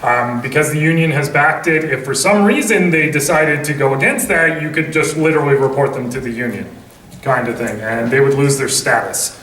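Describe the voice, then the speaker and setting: A man's voice: medium pitch, fairly quick, a bit bright. A casual man rambles through panel answers with plenty of filler phrases. He sounds distant in an echoing hall, with faint noise behind him. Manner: rambling, casual, lots of fillers like "kind of thing". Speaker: voice actor panelist. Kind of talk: convention panel Q&A.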